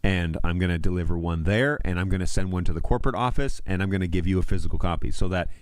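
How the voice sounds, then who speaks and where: A man with a fairly low voice hosts a casual livestream. He rants in an animated way and talks right to his viewers. The sound is close and dry, with no room echo. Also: fast talker. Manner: ranting, animated, talks to chat. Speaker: livestream host.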